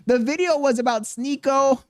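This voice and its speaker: A man streaming live and commenting on clips in an animated, exclaiming way. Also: very high-pitched, no echo, clean studio sound. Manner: animated, laughing, exclaims often. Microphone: streaming studio mic.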